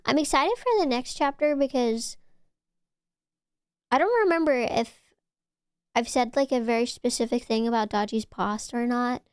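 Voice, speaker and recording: Woman livestreamer, casual chatty ramble with loose swearing; smooth, clean tone, dead-dry sound. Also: fairly high pitch, moderate pace, long pauses, no room sound. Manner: rambling, playful, swears freely. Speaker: VTuber streamer.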